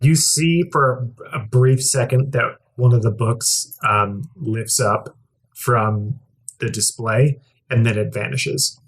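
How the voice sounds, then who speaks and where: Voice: medium pitch, slow pace, vocal fry. Hesitant young game master narrating. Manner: hesitant, filler-heavy narration.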